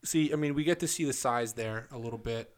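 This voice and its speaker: A young man, co-hosting a casual podcast, telling crude stories with lots of swearing. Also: brisk. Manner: animated storytelling, swears a lot, quotes texts in a lowered voice. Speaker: podcast co-host. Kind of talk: casual chat.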